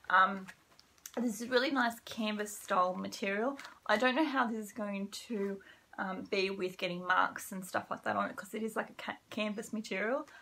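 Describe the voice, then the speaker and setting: Upbeat chatty young woman with a gravelly edge. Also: mid-range voice, a bit bright, slight background noise. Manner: chatty and upbeat, frequent ums. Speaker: vlogger. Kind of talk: casual haul vlog.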